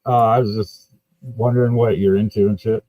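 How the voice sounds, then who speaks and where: A man's voice: lowish voice, flat delivery, moderate pace, no echo. A man hosting a casual podcast interview, asking questions in a loose, swearing, easy-laughing way. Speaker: podcast host. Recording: dull, dry lo-fi sound.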